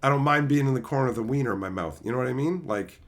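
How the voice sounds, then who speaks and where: A man's voice: mid-range voice, racing. A man streaming a casual chat, talkative and swearing often. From Newfoundland, Canada. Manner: chatty, swears a lot.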